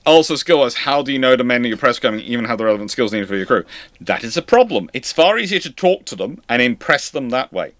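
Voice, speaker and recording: A man's voice: mid-range voice, very animated, fast, fairly bright tone, no room sound. A man hosting a live-stream history lecture, explaining in a conversational, digressive way. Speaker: host.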